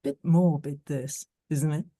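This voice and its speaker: A woman's voice: sits low, steady tone, a little slow, warm tone, no echo, studio quality, pitched below the performer's own voice. A woman doing a smug posh young man. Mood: offhand.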